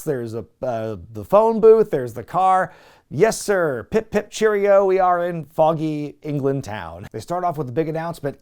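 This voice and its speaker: A man's voice: fairly high pitch, a little mellow. A man hosting a wrestling review show, giving a casual, sarcastic recap and talking to viewers as folks. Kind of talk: casual comedic recap commentary.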